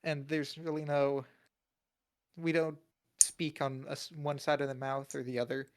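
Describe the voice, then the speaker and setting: Young Midwestern man, gravelly podcast chatter. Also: fairly high pitch, level tone, normal speed. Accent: Midwestern American. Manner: joking, laughs often, reads aloud from searches. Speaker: podcast co-host. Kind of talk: casual chat.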